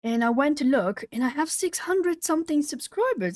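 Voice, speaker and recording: A woman with a fairly high voice chats casually on a live stream, reading comments and answering viewers by name. Her voice is close and dry, with no room sound behind it. She often trails off and restarts, then perks up when she retells a story. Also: a little fast, no room sound. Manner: chatty, talking to chat while colouring; animated when retelling stories. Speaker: YouTube art channel host. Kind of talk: casual livestream chat.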